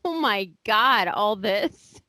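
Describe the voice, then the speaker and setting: A woman co-hosting a podcast in casual chat, animated and incredulous, laughing and swearing. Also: mid-range voice, takes it slowly, dry recording.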